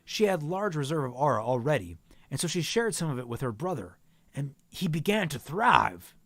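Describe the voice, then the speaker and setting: This co-host reads from a novel in a relaxed way, giving the characters plain voices and frequently tripping over words before fixing them. He speaks at normal speed with a fairly high, bright tone and big swings in pitch.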